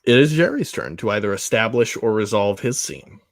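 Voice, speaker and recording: A man's voice: lowish voice, animated, a little fast, creaky, dry recording, studio quality. A man guiding the turns of a tabletop storytelling game in an easygoing, casual way. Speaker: game facilitator. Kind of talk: casual role-play chat.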